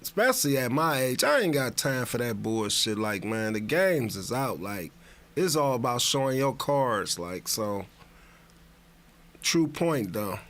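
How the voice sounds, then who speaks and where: Slow-talking laid-back man. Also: mid-range voice, very animated, a bit bright. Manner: laid-back, rambling, profane slang. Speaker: podcast co-host. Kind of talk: casual podcast chat.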